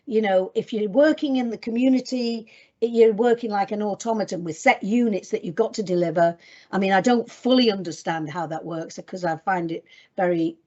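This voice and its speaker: A woman's voice: medium pitch, darkish tone, muffled recording. A woman presenting to clinicians in a webinar, talking directly and emphatically as she moves through her slides. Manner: direct, emphatic, addresses audience as guys.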